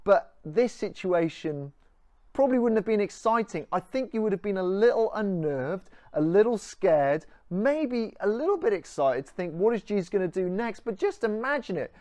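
A preacher talks through a sermon in an easy, storytelling way, mid-pitched and full of casual asides. The sound is dry and close, with no room echo. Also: normal speed. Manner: conversational, animated storytelling with asides.

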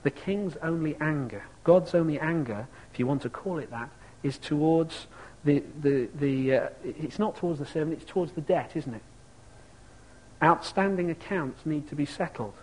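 A man's voice: fairly high pitch, normal speed, a little mellow, poor audio. A man preaching a sermon, reflective and asking his listeners rhetorical questions.

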